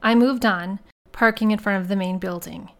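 A woman reading a first-person mystery story aloud in a steady, measured way. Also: mid-range voice, slight background noise. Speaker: audiobook narrator. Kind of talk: scripted first-person narration.

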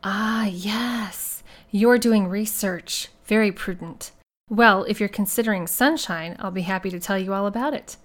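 A woman's voice: mid-range voice, a little slow, natural voice. A woman voicing a poised female nursing home director in her forties with a pleasant, polished manner in an audiobook. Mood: polite. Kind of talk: audiobook character voice.

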